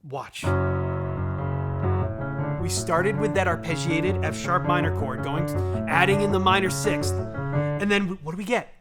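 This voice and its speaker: Excitable high-voiced male music host. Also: normal speed. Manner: animated, enthusiastic, explanatory. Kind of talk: music analysis video.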